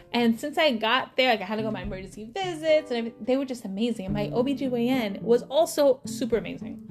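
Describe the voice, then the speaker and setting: A mother of four telling her birth story in a chatty, animated vlog, repeating words for emphasis. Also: fairly high pitch. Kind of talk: casual storytelling to camera. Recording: voice over clear background music. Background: background music.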